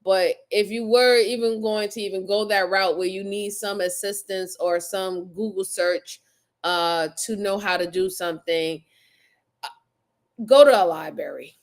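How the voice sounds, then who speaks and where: A woman with a medium-pitched, fairly even, unhurried voice hosts a show reacting to crime videos. She talks casually to her chat, blunt and exasperated, cursing and laughing often.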